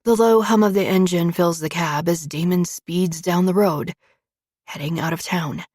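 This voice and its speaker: A woman with a low, husky voice reads a first-person romance audiobook. Her delivery is intimate and confessional. The close-miked recording is completely dry, with no room around it. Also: steady tone, normal speed, darkish tone, no echo. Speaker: audiobook narrator.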